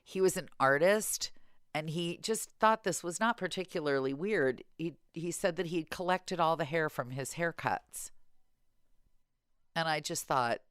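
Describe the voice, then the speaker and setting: Low-voiced wry woman podcast host. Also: a little slow, fairly bright tone, smooth, dry recording, studio quality. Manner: wry, self-deprecating storyteller. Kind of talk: casual chat.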